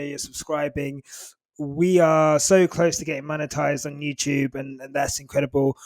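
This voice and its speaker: A man hosting a podcast in a casual chat, rambling with lots of fillers and getting emotional. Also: fairly high pitch. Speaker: podcast host.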